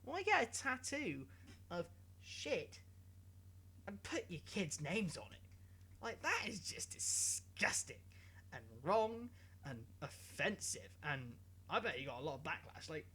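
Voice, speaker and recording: Young male vlogger, giggly and self-mocking, animated sing-song delivery. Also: sits high, slow, a little hiss or hum. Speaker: YouTube host. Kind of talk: comic news vlog, rambling monologue.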